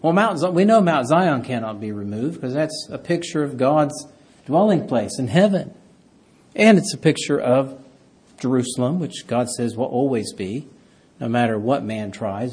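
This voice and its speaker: A pastor preaching a sermon, reading scripture aloud and rising loud on key words. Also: male voice, mid-range voice, slightly rough.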